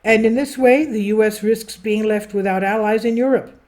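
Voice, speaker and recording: A woman's voice: fairly high pitch, fairly even intonation, normal speed, darkish tone. A woman hosting a political commentary channel, reading a news article aloud with her own asides, self-corrections and stumbles over foreign names.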